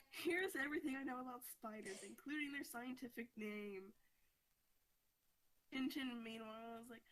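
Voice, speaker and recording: A woman's voice: a little high, takes it slowly, pauses often, fairly bright tone, low-quality recording. A woman podcast host casually recapping a comic story, chatty and full of "like". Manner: chatty, fillers of "like", frequent laughter.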